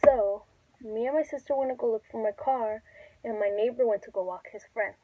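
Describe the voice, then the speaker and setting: A woman's voice: a little high, steady tone, fairly quick, warm tone, dry recording, rough recording. A young woman telling a casual, chatty storytime, swearing freely as she recounts events. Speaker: YouTuber.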